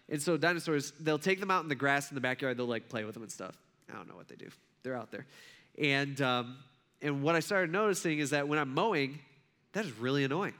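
A male pastor in his thirties preaches in a bright, slightly high voice. He talks casually and animatedly, weaving a personal family story into the sermon with plenty of filler words. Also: clean tone.

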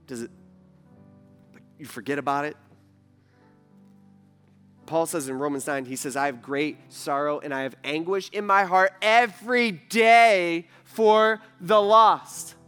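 A man preaching a sermon in a conversational, animated way, acting out what others say. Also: on the high side, moderate pace, pauses often, smooth, faint music behind. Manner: animated, acts out quoted voices, conversational asides. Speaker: pastor.

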